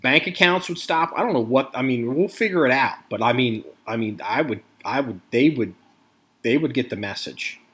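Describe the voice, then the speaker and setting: A middle-aged American man hosting a casual podcast, his pitch jumping around a lot as he rants. He swears freely and talks with heated, animated emphasis. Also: moderate pace. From United States. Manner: animated, profane ranting. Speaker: podcast host.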